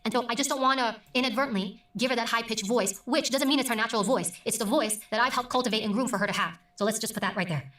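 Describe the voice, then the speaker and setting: A middle-aged woman speaks in a quick, emphatic way, pausing on purpose between points. Her voice sits fairly high. The sound is roomy and a little distant from the mic. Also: a bit bright. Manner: deliberate, emphatic, with pauses. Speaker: news presenter and interview guest. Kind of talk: conversational interview.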